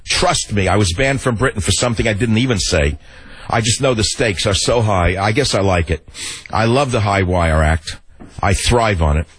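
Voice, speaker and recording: An older man from the Bronx, hosting talk radio in a gruff, rambling monologue full of animated asides. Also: on the low side, normal speed, no echo, low-quality recording. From the Bronx, New York.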